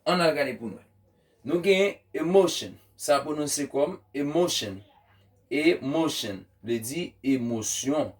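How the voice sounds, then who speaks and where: Slow-talking man teaching vocabulary. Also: fairly high pitch, lively intonation. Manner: repeats each word slowly, then gives the translation. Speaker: language teacher. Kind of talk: vocabulary lesson. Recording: voice from a distance off the mic.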